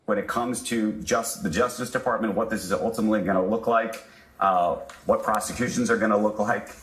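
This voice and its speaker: A man giving candid, measured interview commentary on markets, with a few fillers. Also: on the low side, steady tone, roomy sound, a little hiss or hum. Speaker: financial news commentator.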